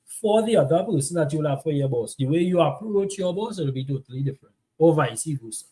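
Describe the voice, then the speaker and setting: A man's voice: fairly high pitch, animated, fairly quick, mellow. A man co-hosting a live relationship talk show, explaining his views at length and telling stories from home in casual chat.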